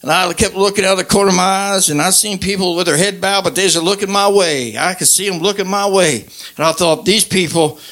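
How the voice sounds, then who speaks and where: A man's voice: high-pitched, fast talker, few pauses, a bit bright. A man telling his church testimony in a fervent, emphatic way, often close to tears. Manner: fervent, emphatic storytelling with repeated exclamations.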